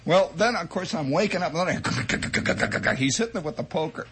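A man telling a comic childhood story as a monologue, animated and chatty, with asides and mouth sound effects. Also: a little high, moderate pace, a little hiss or hum. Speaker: radio storyteller.

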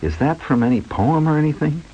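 A man's voice: fairly high pitch, animated, brisk, dark tone, a little hiss or hum. A man hosting a rambling radio monologue from a studio, a wry storyteller musing aloud with asides and fillers, heard on a dull lo-fi old broadcast. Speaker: radio host.

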